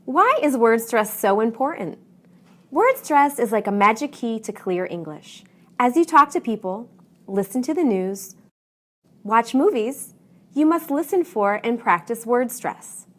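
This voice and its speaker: A woman teaching English pronunciation in a clear, deliberate, scripted lesson narration. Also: a little high, sing-song. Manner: clear, deliberate teaching delivery with modeled stress patterns.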